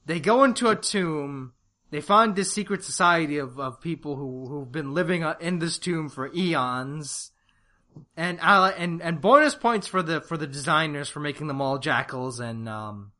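Brief: upbeat male co-host, bright tone, a touch higher pitch, laughs a lot while chatting. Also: moderate pace. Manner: animated, laughs often, restarts words. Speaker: podcast co-host. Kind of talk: casual review chat.

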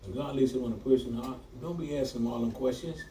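A man's voice: medium pitch, fast talker, dark tone. A man preaching a sermon, talking back and forth with the congregation and laughing often. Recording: echoey room from far off, noisy.

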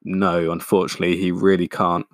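A man's voice: low-pitched, little pitch movement, fairly quick, no echo, studio quality, lightly acted. A man voicing an anxious young woman who talks in an earnest, cautioning way.

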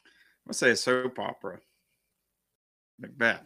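A middle-aged man with a gravelly edge of vocal fry and a bright, forward tone. He co-hosts a casual podcast, answering in short, relaxed replies and taking his time over a story. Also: mid-range voice, no echo. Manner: laid-back, brief replies, slow when telling a story. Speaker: podcast co-host. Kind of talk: casual chat.

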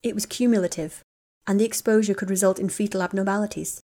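A woman narrating a fanfiction audiobook in a measured, quiet storytelling manner. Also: mid-range voice, fairly even intonation. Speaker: audiobook reader. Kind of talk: scripted narration.

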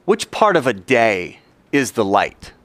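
A man's voice: medium pitch, big pitch swings, takes it slowly, fairly bright tone, dry recording. A man giving an informal Bible lesson, acting out little mock dialogues and dropping jokey asides. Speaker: Bible teacher.

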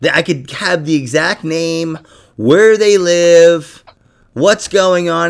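A man hosting a podcast in casual chat, profane and animated, laughing through his asides. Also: a little high, slow pace. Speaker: podcast host.

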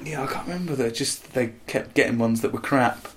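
A man's voice: medium pitch, brisk, slight background noise. A man co-hosting a podcast, joking and laughing in casual chat about old pop songs. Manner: jokey, laughs a lot, does voices. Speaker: podcast co-host.

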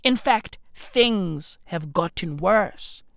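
Animated woman ranting. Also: lowish voice, extremely slow, gravelly, no room sound, studio quality. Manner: animated, slangy, bursts into shouting. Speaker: vlogger. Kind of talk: comedic rant to camera.

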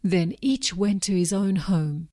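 A woman reading Bible passages aloud in a measured, scripted way. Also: on the low side, dark tone, dry recording. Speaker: scripture reader.

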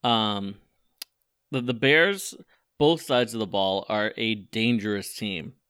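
Young male sports podcast co-host, bright and crisp voice, dry close mic, animated and laughs a lot. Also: on the low side, takes it slowly, no room sound. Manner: animated, laughs often, repeats words when excited. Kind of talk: casual sports chat.

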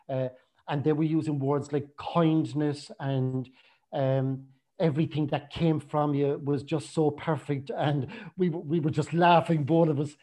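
A man tells a long personal story in a loose, chatty manner, slipping into the voices of the people he quotes. His voice sits a little high for a man but sounds mellow and warm rather than bright. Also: normal speed. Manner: chatty, animated retelling with acted quotes.

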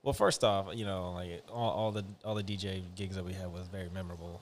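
A man's voice: deep voice, fairly even intonation, a little fast. A young man as a podcast guest, easygoing and slangy, laughing often. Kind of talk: casual podcast chat.

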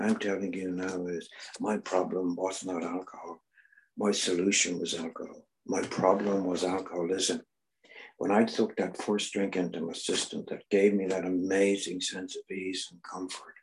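An older Northern Irish man giving personal testimony at a recovery meeting, telling his story earnestly and dropping from loud emphasis to near-whispers. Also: low voice, flat delivery, normal speed, a little hiss or hum, poor audio. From Northern Ireland.

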